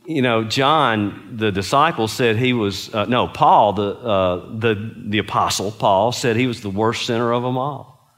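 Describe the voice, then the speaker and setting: A man's voice: on the low side, unhurried, a bit bright. A middle-aged man preaching a conversational sermon, telling stories and putting earnest questions to his listeners. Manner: earnest, storytelling, asks the audience questions.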